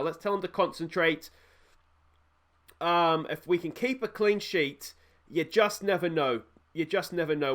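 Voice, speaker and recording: Aussie guy playing a football manager game, high voice, goes from chill to yelling and swearing. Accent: Australian. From Australia. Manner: shifts from calm musing to loud swearing outbursts at goals. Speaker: gaming YouTuber. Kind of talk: game commentary.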